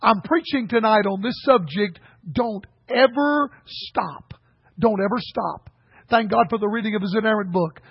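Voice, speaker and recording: A man preaching a folksy sermon that rises to shouted emphasis. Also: high voice, moderate pace, vocal fry, breathy edge, no echo, muffled recording.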